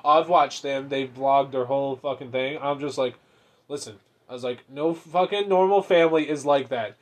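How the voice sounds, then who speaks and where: A man's voice: medium pitch, normal speed. A man co-hosting a casual podcast, talking bluntly and indignantly, with lots of swearing. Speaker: podcast co-host.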